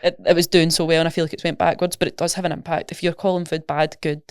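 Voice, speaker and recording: A Scottish woman talks fast in a lowish register, explaining her coaching work with lively everyday examples. The sound is dry and close, with no room around it. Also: clear, resonant tone, no room sound. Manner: chatty, rapid, animated explaining with examples. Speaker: nutrition coach, guest. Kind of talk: casual podcast interview.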